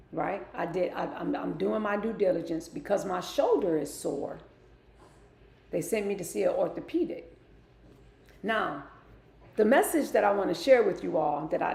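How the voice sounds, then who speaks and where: A woman's voice: fairly low pitch, vocal fry, a little mellow. A middle-aged woman hosting a wellness livestream, speaking emphatically and talking straight to her live viewers. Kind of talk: live-stream motivational talk. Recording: echoey room, faint ambient noise.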